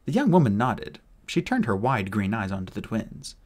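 An audiobook narrator with a husky male voice reads a fantasy novel aloud in a casual, amateur style, giving the characters energetic voices. His pitch swings in a lively way through each sentence, and he keeps a moderate pace with few pauses, making for an expressive, animated reading.

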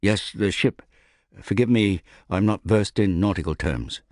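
A man's voice: low voice, measured pace, dry recording, clean studio sound, pitched above the performer's own voice. A man voicing a polite young archer. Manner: courteous, formal, calm. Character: polite, earnest young male bowman.

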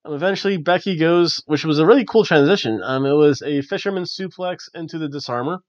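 A man hosting a casual wrestling review, chatty and animated with lots of fillers. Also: fairly high pitch, fast, dry recording. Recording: dull, dry lo-fi recording.

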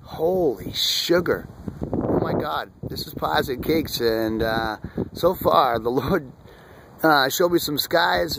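Excitable rambling man outdoors in wind. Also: medium pitch, gravelly. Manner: excitable, rambling, calls himself by his channel nickname. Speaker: vlogger. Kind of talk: excited off-the-cuff vlog commentary. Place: outdoors under an open sky. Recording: wind noise on the mic.

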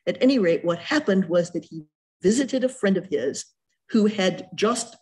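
A woman's voice: medium pitch, animated, moderate pace, a little mellow. A middle-aged woman giving an art history lecture as a museum curator, chatty and full of ums and self-corrections.

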